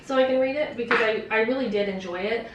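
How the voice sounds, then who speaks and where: A woman's voice: a little high, brisk, lo-fi sound, background noise. A young woman vlogger chatting casually about a book, rambling and swearing with lots of fillers. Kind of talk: casual chat. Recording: very echoey room, distant mic.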